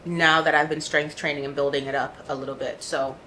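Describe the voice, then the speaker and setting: Chatty young woman vlogging, low voice. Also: little pitch movement, a little fast, bright, forceful tone, a little hiss or hum. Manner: chatty and rambling, heavy use of "like". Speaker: lifestyle vlogger. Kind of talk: casual vlog chat to camera. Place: at home on her couch.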